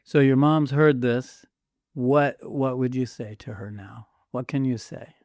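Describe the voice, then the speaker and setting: A man's voice: medium pitch, steady tone, a little slow, a little mellow, no echo, clean studio sound. Emotional male podcast host. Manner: emotional, sincere, near tears. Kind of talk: casual podcast chat.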